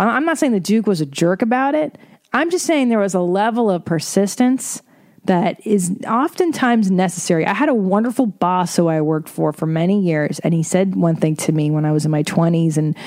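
Woman podcaster rambling thru a story, lowish mellow voice, swears a lot, dry jokes. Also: dry recording. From Eastern Bloc. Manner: chatty, profane, wry asides. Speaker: podcast host. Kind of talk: casual storytelling monologue.

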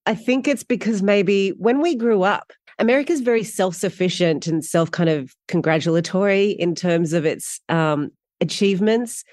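Her voice mid-range, a middle-aged Australian woman appears as a guest actor in a casual interview. She spins stories in quick, animated bursts, with frequent laughter, and there's no echo on the audio.

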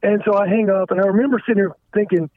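A man calling in to a show, talking candidly and haltingly, often stammering and restarting his sentences. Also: sits high, steady tone, no room sound. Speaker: caller. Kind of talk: candid confessional phone call. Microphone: telephone. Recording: tinny dry phone line.

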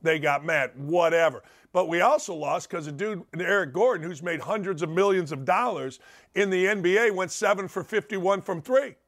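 A middle-aged man hosting a sports talk show, ranting in a brash, combative, mocking way with big swings in pitch and loudness. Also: moderate pace. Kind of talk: opinionated sports radio rant.

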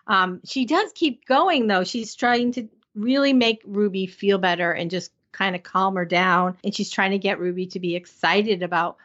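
A woman's voice: medium pitch, normal speed, hardly any pauses, a bit bright. A woman co-hosting a podcast in casual chat, easygoing and laughing often. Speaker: podcast co-host. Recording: dull lo-fi audio.

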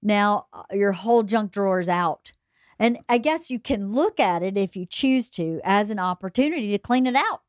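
A woman's voice: medium pitch, lively intonation, normal speed, dry recording, studio quality. A woman hosting a podcast, chatting frankly and easily, swearing casually and laughing readily. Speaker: podcast host.

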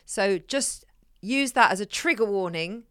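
Lady podcast host, bright clear voice, dry close sound, chatty and animated. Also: mid-range voice, a little slow, no echo. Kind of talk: casual chat.

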